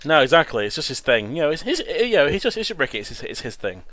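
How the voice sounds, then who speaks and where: A man hosting a casual movie riff commentary, animated and laughing, often restarting his sentences. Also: fairly high pitch, quick pace, crowd noise. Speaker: host.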